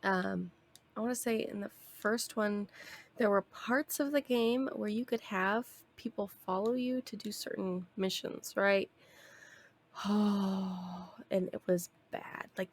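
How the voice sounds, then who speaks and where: A woman's voice: mid-range voice, gravelly. A young woman streaming a video game, chatting casually in a rambling way and laughing often.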